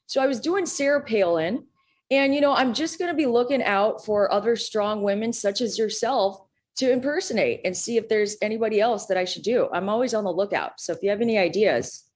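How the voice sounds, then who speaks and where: A woman's voice: medium pitch, a little fast, darkish tone. A woman comedian from Minnesota, a guest in a casual interview, chatty and rambling.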